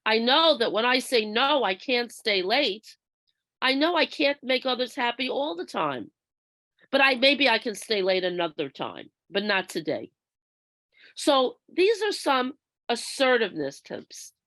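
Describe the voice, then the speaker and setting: A woman leading a workshop, explaining step by step in a measured way and acting out workplace examples. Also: a little high, very animated, bright, forceful tone, no room sound. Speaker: workshop trainer. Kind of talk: instructional presentation.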